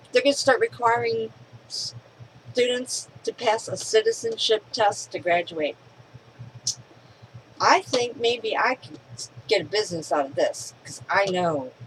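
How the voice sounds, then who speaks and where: A woman's voice: mid-range voice, slight background noise, low-quality recording. A woman, talking casually and opinionatedly to camera at home. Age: 50s. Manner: chatty, rambling, opinionated. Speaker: vlogger.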